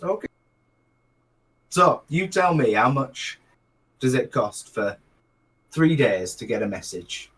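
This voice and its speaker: A man's voice: medium pitch, very animated, slow pace, pauses often, fairly bright tone, rough recording. Hesitant man running a tabletop game. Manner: hesitant, many fillers and restarts. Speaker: game master. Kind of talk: narrating a tabletop game and voicing a mage.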